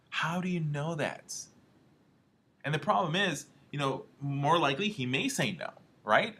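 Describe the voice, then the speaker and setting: A man's voice: a little high, expressive, moderate pace, sharp tone, husky. A man leading a motivational marketing training talk in an emphatic way, often checking in with "all right?" and "okay?". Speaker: home health marketing trainer.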